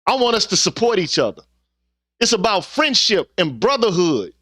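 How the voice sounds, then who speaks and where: A man's voice: sits high, very animated, moderate pace, sharp tone, no room sound, studio quality. A middle-aged man giving an earnest, preachy, profane monologue to his viewers, ending his sentences with "man.". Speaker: YouTube vlogger. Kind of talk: impassioned casual monologue.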